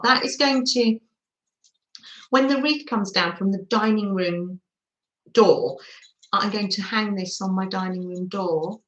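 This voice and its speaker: An English woman chats through a crafting livestream, gushing over everything and laughing softly. She talks slowly at a middle pitch. Her voice rings in an echoey room. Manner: chatty, gushing with frequent little laughs. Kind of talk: live-stream crafting chat.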